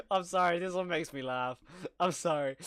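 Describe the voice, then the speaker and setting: Excitable young man reacting to horror. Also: fairly high pitch, clear, resonant tone, dry recording. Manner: excitable, reacts aloud with repeated exclamations; chatty, answers viewer questions. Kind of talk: live reaction commentary.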